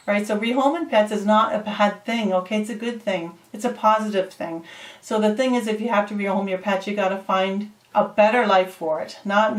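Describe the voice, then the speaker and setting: Woman vlogging about her pet bird, chatty, kinda far from the mic in an echoey room. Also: mid-range voice. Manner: chatty and emotional, talks to her parrot in a cooing voice. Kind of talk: casual vlog monologue.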